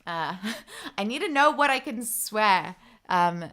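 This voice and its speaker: A young woman with an Australian accent hosts a casual livestream. Her voice is bright and forward, and she chats easily as she greets viewers by name. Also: medium pitch, sing-song, takes it slowly. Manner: chatty, reads viewer comments aloud. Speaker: livestream host.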